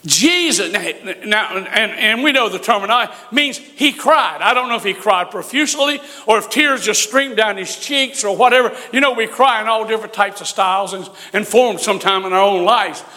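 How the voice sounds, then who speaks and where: Older man, folksy preacher, high bright voice, reverberant church. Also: a little fast, hardly any pauses. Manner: folksy storytelling preaching with humor. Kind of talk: sermon. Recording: long hall reverb.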